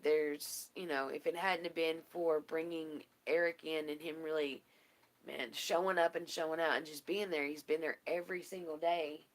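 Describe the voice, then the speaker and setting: A woman's voice: low-pitched, steady tone, moderate pace. A woman speaking in a tearful, heartfelt video message, rambling with many fillers and close to crying. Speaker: vlogger. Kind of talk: emotional casual video message.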